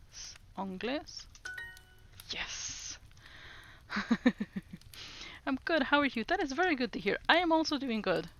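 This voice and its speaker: A woman streamer chatting casually with her viewers as she practices French, repeating phrases slowly, giggling and greeting chat brightly. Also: medium pitch, slight background noise.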